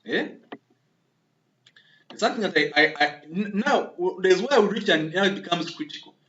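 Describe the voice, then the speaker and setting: A man's voice: high-pitched, expressive, normal speed, fairly bright tone, reverberant, dull audio. A man giving a screen-recorded coding tutorial, thinking aloud, repeating himself and often checking in with a questioning "okay?" while he addresses viewers as members.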